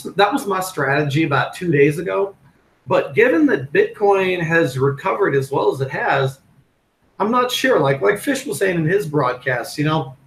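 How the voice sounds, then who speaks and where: A man's voice: mid-range voice, fairly bright tone, reverberant, rough recording. A man hosting a live crypto stream in a casual, rambling way, with plenty of fillers and restarts. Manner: rambling, loose, with many fillers.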